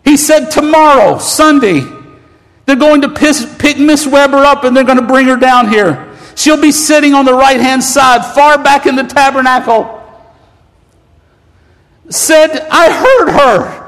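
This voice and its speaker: A man preaches with fervent emotion, his voice pitched unusually high. His sermon swells toward shouting. The sound carries a long church-hall reverb. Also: unhurried.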